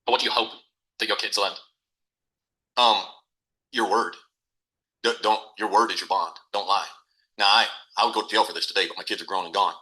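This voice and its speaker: A man's voice: on the low side, fairly even intonation, fairly quick, pauses often, pushed and bright, poor audio. A middle-aged man, a podcast guest, telling a folksy, matter-of-fact story about raising his kids. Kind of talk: casual storytelling.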